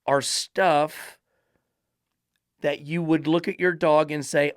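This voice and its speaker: A man's voice: a little high, steady tone, slow, pauses often, clean tone, dry recording, clean studio sound. Emphatic dog trainer host, man. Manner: preachy, repetitive rhetorical questions. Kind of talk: emphatic podcast monologue.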